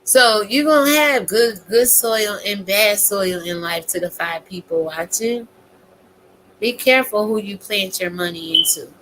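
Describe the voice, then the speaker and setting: A YouTube commentator talks straight to her viewers in a casual, profane and animated rant. Her voice is mid-range and unhurried, set against a noisy background.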